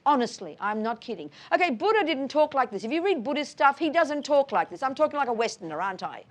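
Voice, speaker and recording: A woman's voice: high voice, sing-song, quick pace. Blunt, emphatic woman lecturer. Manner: blunt, emphatic, calls listeners darling and sweetheart; asks listeners tag questions. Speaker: Buddhist teacher giving a talk. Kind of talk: lively lecture with audience questions.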